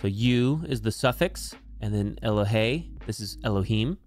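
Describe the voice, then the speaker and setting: A man teaching Bible translation, walking through Hebrew grammar term by term in a deliberate, explanatory way. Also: lowish voice, lively intonation, a little mellow. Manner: slow, deliberate, spells out each term.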